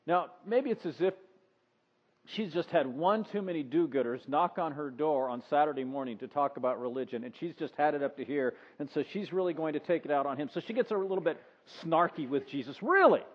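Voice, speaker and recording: A man's voice: on the high side, fairly quick. A man preaching a sermon in a conversational way, acting out the story in voices. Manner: conversational, acts out the scene in voices. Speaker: pastor. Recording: dull sound with long reverb.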